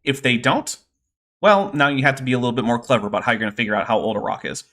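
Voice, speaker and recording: A man's voice: mid-range voice, big pitch swings, very fast, pushed and bright. A man hosting a livestream, explaining science in a casual, nerdy way with many fillers. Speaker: host.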